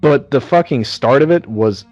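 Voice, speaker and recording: A man's voice: mid-range voice, lively intonation, moderate pace, a little mellow, no echo, lo-fi sound, faint music behind. A man co-hosting a casual movie podcast, summarizing plot with jokes and frequent swearing. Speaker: podcast co-host. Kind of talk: casual chat.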